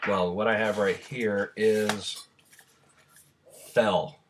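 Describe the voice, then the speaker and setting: Low-voiced rambling man, slight Southern drawl. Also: little pitch movement, drawn-out words, noisy background. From Rhode Island. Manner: rambling and blunt, with many ums. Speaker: vlogger. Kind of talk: casual chat answering questions.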